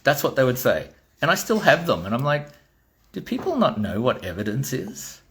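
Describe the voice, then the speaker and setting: A man's voice: medium pitch, wildly swooping pitch, moderate pace, a bit bright. A middle-aged Australian man, a toy designer, giving a blunt, exasperated ranting monologue and swearing freely.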